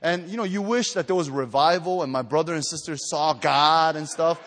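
A man's voice: fairly high pitch, normal speed, a bit bright, big-room sound. A man preaching a sermon to a retreat gathering, telling stories with lots of fillers and restarts, then building to emphatic exhortation. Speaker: pastor.

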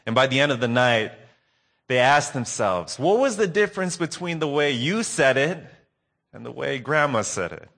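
A man preaching a sermon recap, earnest and telling a story with dramatic pauses. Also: medium pitch, expressive, vocal fry, fairly bright tone.

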